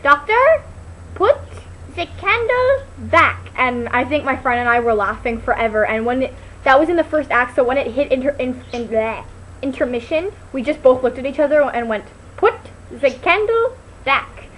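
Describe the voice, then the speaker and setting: A woman's voice: fairly high pitch, steady tone, brisk, slight background noise, poor audio. A woman vlogging in a rambling, casual way on a computer mic. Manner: rambling, full of "like" and restarts. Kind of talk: casual chat to camera.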